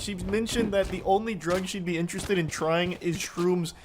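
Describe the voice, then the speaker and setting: A man's voice: sits high, noisy background. A man streaming live, reading text messages aloud and mocking them with sarcastic, incredulous commentary and frequent swearing.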